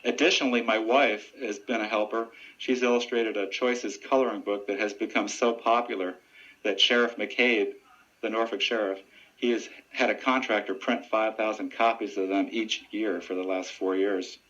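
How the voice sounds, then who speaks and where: A man who works as a deputy sheriff and ventriloquist, answering radio interview questions in an earnest, steady and informative way. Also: lowish voice, normal speed. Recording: dull lo-fi radio audio.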